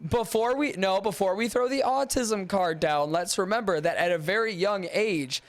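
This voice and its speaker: A man's voice: high-pitched, normal speed. A man appearing as a guest on a casual podcast, laid-back and stopping to restart his sentences. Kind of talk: casual chat.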